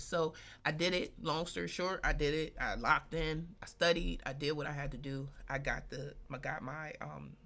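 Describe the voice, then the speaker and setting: Gravelly-voiced woman telling a blunt story. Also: deep voice, normal speed, hardly any pauses. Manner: colloquial and blunt, heavy slang and swearing; animated, addresses listeners directly. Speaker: host. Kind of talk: candid personal storytelling on a live stream.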